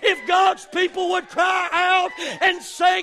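Male Southern preacher, very high pitch, shouted chanting sermon delivery. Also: monotone, gravelly, some chatter behind. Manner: shouting, chanted preaching with long drawn-out cries.

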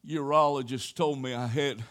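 An older man preaching a sermon, telling a personal story in a folksy way with sudden loud exclamations. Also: mid-range voice, steady tone, normal speed. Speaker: pastor.

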